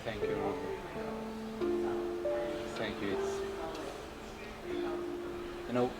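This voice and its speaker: A man's voice: lowish voice, animated, drawn-out words, loud music behind the voice. A man interviewing a parent, speaking in an earnest, thankful way.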